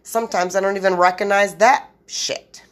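A woman's voice: mid-range voice, steady tone, moderate pace. A woman hosting a solo podcast, rambling in blunt, profane run-on sentences straight to her listeners. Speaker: podcast host.

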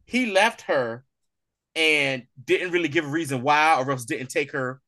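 A man's voice: fairly high pitch, measured pace, pushed and bright, no echo, studio quality. A man casually recapping a TV episode on a review show, retelling scenes with slang and lots of "she was like", often laughing mid-sentence. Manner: laughs often while talking. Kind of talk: casual spoiler-review chat.

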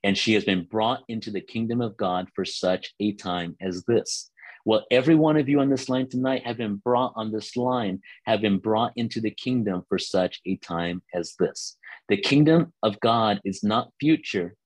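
A man preaching a teaching sermon to listeners on a call line, earnest, often restarting words and slowing down for scripture. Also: lowish voice, no echo, rough recording.

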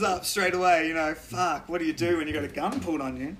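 An Australian man, a podcast guest, telling lively stories in casual chat, swearing freely and laughing often. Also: fairly high pitch, fast talker, a loud crowd.

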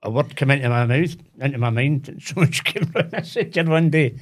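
An older man with a Glaswegian Scottish accent, telling childhood stories as a podcast guest with animated, laughing delivery. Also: mid-range voice, a little fast, hardly any pauses. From Glasgow, Scotland. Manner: animated anecdotes with frequent laughter. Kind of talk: casual storytelling.

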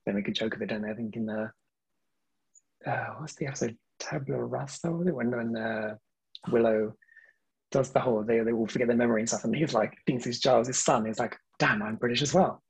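A man's voice: mid-range voice, brisk, vocal fry, a little mellow, husky, rough recording. A man in casual podcast chat, rambling and hedging, laughing often between thoughts. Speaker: podcast guest.

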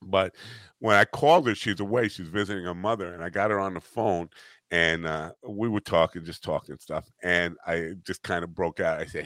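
Podcast host, a man in his fifties with a low, bright voice, dry close sound, a rambling storyteller. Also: normal speed, dry recording. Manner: rambling, self-interrupting storyteller who laughs at his own stories. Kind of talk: casual chat, storytelling.

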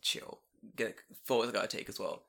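A young man telling a story in casual podcast chat, animated, swearing and laughing. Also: on the low side, a little fast, gravelly.

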